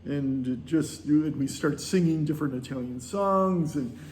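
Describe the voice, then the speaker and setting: A man's voice: a little high, a little slow, darkish tone, reverberant, slight background noise. A man in his sixties telling a story in a casual vlog monologue, rambling along with many fillers and small chuckles. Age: 60s. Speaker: vlogger on a pilgrimage.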